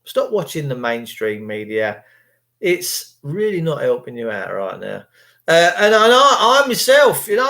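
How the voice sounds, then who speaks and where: A middle-aged man, ranting crudely in a casual monologue. He swears, mocks others and jumps up into high voices to mimic people. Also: sharp tone.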